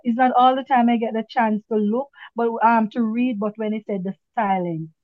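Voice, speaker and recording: A woman's voice: a little high, steady tone, dry recording. A woman, a teacher, gives heartfelt testimony on a video call. She stops and repeats her words often and speaks with religious fervor. The audio is muffled and dry, like a cheap call connection. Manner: halting, repeats words, fervent. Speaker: prayer meeting participant giving testimony. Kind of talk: emotional spoken testimony.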